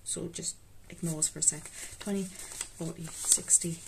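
Geordie woman, self-mocking and chatty, slightly low voice, audible background noise. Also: steady tone, measured pace. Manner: chatty, self-mocking, talks to herself while counting. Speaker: budgeting vlogger. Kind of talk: casual chat while counting cash. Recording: clear background noise with rustling notes.

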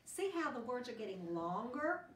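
A woman's voice: a little high, very animated, moderate pace. A woman teacher giving a phonics lesson to young children, patiently sounding out words in chunks. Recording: roomy, distant classroom recording with faint hiss.

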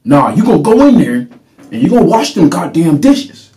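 A man voicing his furious father, who yells profane orders at his son. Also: on the high side, big pitch swings, moderate pace, voice pushed up. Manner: yelling, commanding, profane.

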